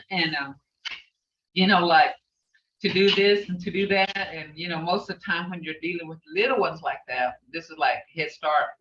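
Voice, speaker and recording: An older woman with a lowish, fairly bright voice teaches an informal online language class at a moderate pace. She rambles a little and often asks "okay?" to make sure her students are following, and the lo-fi audio sounds echoey, distant, and dull.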